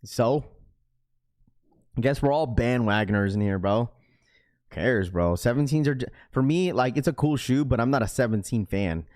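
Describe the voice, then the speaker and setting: A young man's mid-range, slightly mellow voice runs at normal speed as he hosts a livestream. Rambling in a casual way, he reads comments from viewers aloud and answers the chat.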